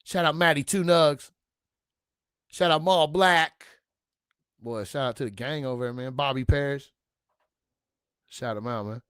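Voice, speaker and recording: A man's voice: medium pitch, measured pace, pauses often, a bit bright, smooth, no echo, studio quality. Profane, rambling livestream host man. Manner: loose, profane, slangy, rambling with restarts. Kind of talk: casual livestream chat with shout-outs.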